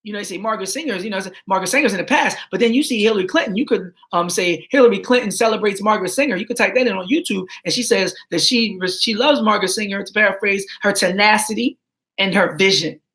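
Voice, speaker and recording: Woman host, lively on-camera commentary, slows down to read quotes. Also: medium pitch. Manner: animated, slows down for quotes, playful asides. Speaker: channel host. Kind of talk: casual commentary reading documents aloud.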